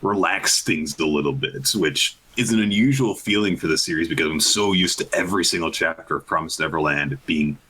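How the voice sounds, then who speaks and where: A man's voice: a little fast, few pauses, slightly rough, rough recording. A man co-hosting a casual podcast, recapping manga chapters and acting out characters' lines. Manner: animated, acts out characters' lines in high voices. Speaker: podcast co-host.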